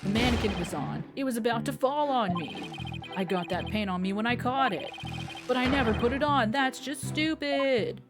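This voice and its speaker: A woman voicing an excitable teenage boy who is a prosecutor student, loud and jumpy. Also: a little high, moderate pace, loud music behind the voice, close to an everyday voice. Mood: flustered.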